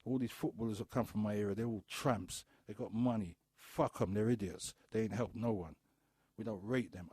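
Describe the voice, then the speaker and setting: A man's voice: fairly low pitch, a little fast, darkish tone, breathy edge, no room sound. A man hosting a radio talk show, ranting bluntly with profanity and hammering home repeated rhetorical questions. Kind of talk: impassioned radio monologue.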